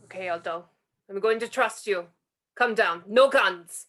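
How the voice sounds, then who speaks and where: A woman's voice: medium pitch, measured pace, fairly bright tone. A woman reading the part of a cornered young German sergeant in an amateur script reading, tense and suspicious. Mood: wary.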